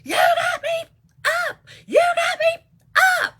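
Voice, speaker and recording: A woman acting out an angry young woman who yells back defiantly. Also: very high voice, sing-song, takes it slowly, pitched above the performer's own voice, exaggerated voice. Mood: defiant yelling. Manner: yelling, defiant.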